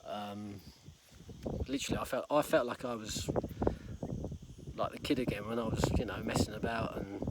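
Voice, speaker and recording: A middle-aged man from England rambles through a story to camera, now and then acting out what others said. He is recorded outdoors over loud, steady noise. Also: fairly low pitch, normal speed, long pauses. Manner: rambling, laughing, acts out quotes. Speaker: vlogger.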